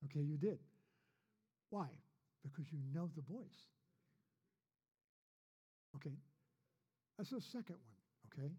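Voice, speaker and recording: A man's voice: fairly high pitch, animated, slow pace, pauses often, mellow, slightly rough, muffled recording. A man preaching a sermon as pastor, folksy, with repeated rhetorical questions.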